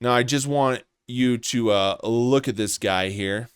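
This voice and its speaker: A man's voice: medium pitch, unhurried, smooth, no room sound, studio quality. A man delivering a contemptuous, accusatory commentary rant, swearing as he goes. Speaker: commentary vlogger. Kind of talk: ranting commentary.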